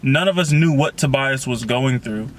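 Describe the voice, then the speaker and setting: A man's voice: mid-range voice, normal speed, a little hiss or hum, rough recording. A man reading a novel aloud in an unpolished, casual way, with the odd slip and restart. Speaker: reader.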